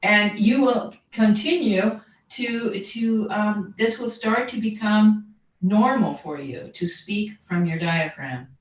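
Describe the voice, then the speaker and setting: A woman coaching on the voice in an easygoing interview, explaining technique and checking in with a steady "right?" as she goes. Her voice sits back from the microphone in a roomy, echoing space. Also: mid-range voice, slow. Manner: explanatory, often adds "right?", repeats words when searching. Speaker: guest voice coach and jazz singer. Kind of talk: conversational livestream interview. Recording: roomy echo, distant from mic.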